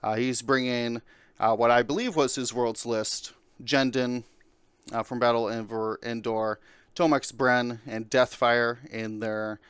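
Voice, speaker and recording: A man's voice: medium pitch, fairly even intonation, a little slow, a bit bright, clean tone, no room sound. A man hosting a casual podcast, talking through game lists with many fillers. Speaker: podcast host.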